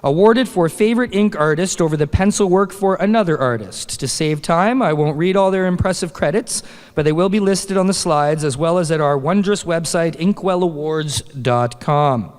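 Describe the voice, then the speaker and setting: A man's voice: fairly high pitch, moderate pace, darkish tone. A man with a Canadian accent emceeing a live awards ceremony on a convention stage, upbeat and joking as he reads out nominees. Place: large convention hall stage. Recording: long hall reverb.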